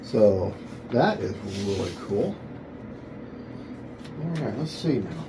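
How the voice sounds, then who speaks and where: A man's voice: lowish voice, very animated, takes it slowly, background noise. A man hosting a hobby video, casually thinking aloud and correcting himself as he unboxes, often calling things cool.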